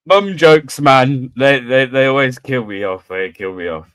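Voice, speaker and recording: A British man hosting a casual livestream quiz, who laughs often, swears freely and reads riddles out slowly. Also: mid-range voice, expressive, fairly bright tone, no room sound. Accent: British English.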